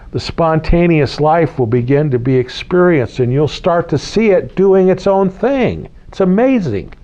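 A mellow, mid-range male voice comes from a spiritual teacher from the United States. Addressing a small group casually, he returns to key phrases and puts questions to his listeners; the recording is lo-fi and slightly dull.

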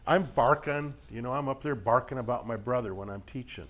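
Teaching the Bible to a live audience, a middle-aged man keeps things lively and folksy, cracking jokes and repeatedly checking in through rhetorical questions. His mid-range voice moves fairly quickly.

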